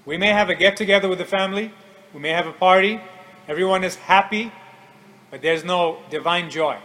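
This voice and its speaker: A man preaching a radio sermon in an earnest, measured way, often quoting scripture. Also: high-pitched, pushed and bright, low-quality recording.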